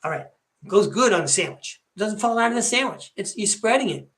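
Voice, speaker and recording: A man in his fifties hosting a podcast, telling rambling, animated stories in a casual monologue. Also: high-pitched, fairly quick, roomy sound. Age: 50s. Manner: chatty, rambling, animated storyteller. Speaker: podcast host.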